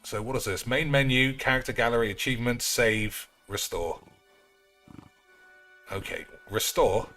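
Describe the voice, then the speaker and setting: A man's voice: medium pitch, a little slow, long pauses, fairly bright tone, faint music behind. A man giving crude, joking commentary as he plays a game and talks to his viewers. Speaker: streamer. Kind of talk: casual gaming commentary.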